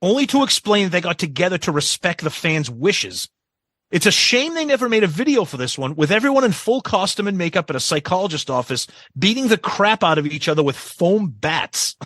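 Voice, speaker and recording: A man co-hosts a podcast in relaxed, casual chat, his voice bright and a little high. He moves up and down a lot in pitch, and often stalls with ums and restarts. The sound is close and dry. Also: a little fast, no echo. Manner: hesitant, many ums and restarts. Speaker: podcast co-host.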